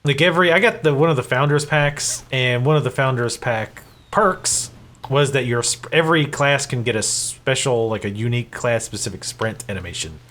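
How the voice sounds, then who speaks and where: A man's voice: medium pitch, moderate pace, fairly bright tone. A man casually commentating his gameplay, joking and sarcastic and swearing freely. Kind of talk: casual let's-play commentary.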